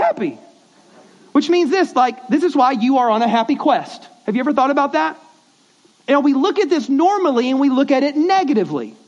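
A man with a very high voice preaches in a relaxed, conversational way and keeps calling on the congregation to say words back to him. The audio is dull and lo-fi, like an old sermon recording. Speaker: pastor.

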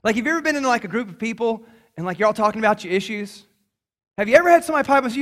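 A man preaching a sermon to a congregation, lively and conversational, acting out little voices as he tells the story. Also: very high voice, racing. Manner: animated, acts out voices in quotes. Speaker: pastor.

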